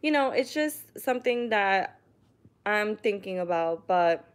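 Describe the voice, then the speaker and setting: A young woman vlogging casually, reading viewer comments aloud and answering them warmly, often laughing and getting emotional. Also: medium pitch, animated, a little slow. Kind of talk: casual chat to camera.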